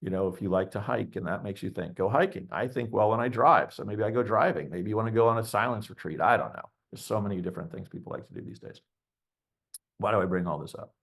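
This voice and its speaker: A man's voice: on the low side, fast talker, creaky. A middle-aged man, a venture investor speaking as a webinar guest, talking bluntly and candidly, ranting and acting out quoted voices. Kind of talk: candid conversational webinar talk.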